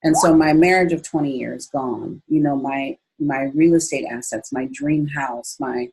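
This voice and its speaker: A woman in her fifties speaks in a low, husky voice. She is telling her story as an interview guest. Her delivery is expressive, and she leaps up in pitch whenever she quotes her own thoughts. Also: a little slow, low-quality recording. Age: 50s. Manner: expressive, jumps up high when quoting herself. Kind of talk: conversational storytelling.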